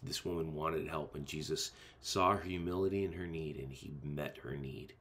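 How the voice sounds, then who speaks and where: A man's voice: rumbling low, moderate pace, a bit bright. A male pastor preaching a sermon in an earnest, emphatic way, driving points home with repeated rhetorical phrases.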